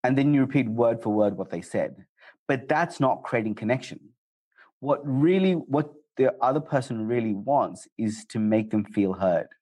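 A man answering interview questions about communication in a conversational way, jumping up in pitch for quoted asides. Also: expressive, normal speed, warm tone. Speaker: guest speaker on communication.

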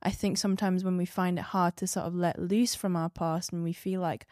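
A woman sharing earnest, reflective thoughts in a casual devotional discussion, often drifting softer. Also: lowish voice, little pitch movement, fairly quick, no room sound, clean studio sound. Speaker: Bible discussion participant.

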